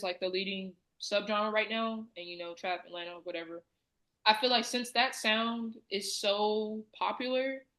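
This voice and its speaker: A woman's voice: medium pitch, a bit bright, rough recording. A woman from the American South, co-hosting a podcast in casual chat, talking loosely with plenty of fillers. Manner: chatty, many fillers. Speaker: podcast co-host.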